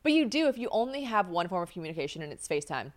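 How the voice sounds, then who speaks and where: This young American podcast host talks very fast in a fairly low, sing-song voice. Her casual chat is full of swearing and laughter, and she performs the voices of people she's quoting.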